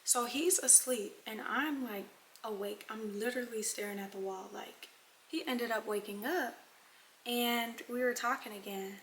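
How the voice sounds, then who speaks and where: A young woman vlogger telling a casual storytime, animated and talking straight to her viewers, sometimes dropping into dramatic whispers. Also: on the high side, moderate pace, slight background noise. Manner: addresses viewers as y'all.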